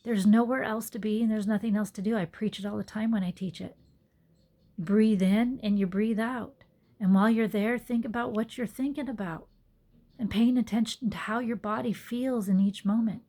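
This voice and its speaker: Husky, mellow-voiced woman musing earnestly. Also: a little high, steady tone, fairly quick. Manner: earnest, soft-spoken, drops to whispered asides. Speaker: yoga teacher. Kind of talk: reflective personal monologue. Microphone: phone.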